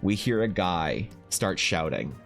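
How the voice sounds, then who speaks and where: Low-voiced swearing Canadian man. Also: very animated, takes it slowly, vocal fry, fairly bright tone, soft background music. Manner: rambling, swears freely, frequent fillers. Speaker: streamer. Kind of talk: casual storytelling to live chat.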